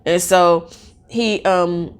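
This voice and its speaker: Excitable rambling woman telling a story. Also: lowish voice, drawn-out words, smooth. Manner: rambling, excitable, many fillers. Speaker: mother telling a personal story. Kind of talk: casual storytelling.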